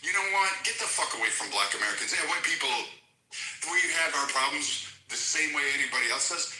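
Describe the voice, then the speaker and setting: A man's voice: fairly high pitch, expressive, fast talker, sharp tone, echoey room, low-quality recording. A man in a heated online debate, ranting aggressively with constant swearing and mockery. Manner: aggressive, mocking, heavy swearing. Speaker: debate participant. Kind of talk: profane heated rant.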